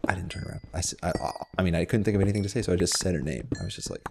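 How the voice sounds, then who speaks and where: Man, low gravelly voice, lively swoops, casual rambling gamer storytelling, noisy home mic. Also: racing, hardly any pauses. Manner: rambling, filler-heavy, self-deprecating. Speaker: Minecraft video host. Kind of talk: casual storytelling while playing a game.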